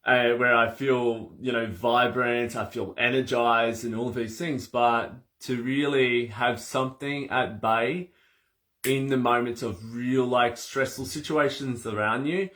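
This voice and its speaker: A man coaching breath work in a casual conversation, animated and laughing as he acts out little scenes. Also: medium pitch, a little slow.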